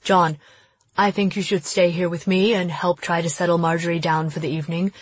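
A woman reading a grave, calm priest. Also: on the low side, husky, dry recording. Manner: measured, grave, reassuring. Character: calm older male Catholic priest.

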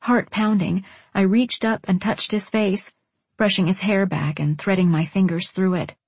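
A woman narrating a first-person romance audiobook in a measured, intimate storytelling manner. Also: mid-range voice, fairly even intonation, darkish tone, slightly rough, no room sound.

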